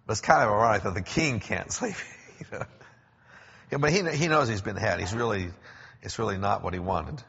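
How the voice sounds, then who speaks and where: Male preacher, sermon, conversational, low gravelly voice, bright edge, echoey church, lo-fi. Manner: conversational, explains with pauses and restarts. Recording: echoey hall, dull lo-fi sound.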